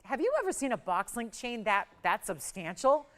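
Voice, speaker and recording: A middle-aged woman hosting a live TV shopping show, giving an enthusiastic, emphatic sales pitch in a studio. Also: very animated, normal speed. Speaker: shopping channel host.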